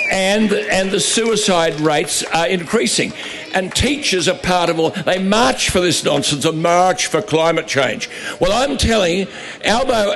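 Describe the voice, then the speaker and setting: A man addresses an outdoor rally through a stage microphone, his voice sitting a little high for a man. He speaks with emphatic, repetitive insistence and a sarcastic edge. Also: a bit bright, slight background noise. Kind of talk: outdoor protest speech.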